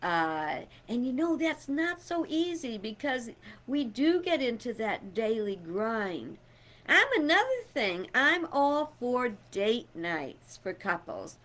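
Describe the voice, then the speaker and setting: A middle-aged woman talks to her viewers in a loud, rambling, friendly chat. Her tone is bright and ringing, and she takes her time, unhurried and drawn out. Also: on the high side, sing-song. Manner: chatty, loud, rambling with fillers and laughs. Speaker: vlogger. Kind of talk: casual chat to camera.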